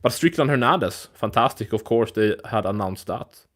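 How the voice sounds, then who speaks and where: A man's voice: fairly low pitch, animated, moderate pace, fairly bright tone. A man hosting a live MMA news stream, talking casually in a loose, rambling, profane way. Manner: rambling, loose and profane, with frequent restarts and fillers.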